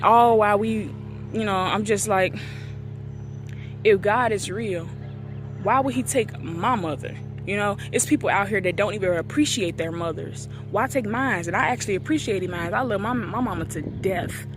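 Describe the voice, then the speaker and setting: Over background music, a woman in her twenties tells a painful story from her life in a casual vlog filmed outdoors by a street. She speaks emotionally at a moderate pace in a mid-range voice, acting out the dialogue others directed at her.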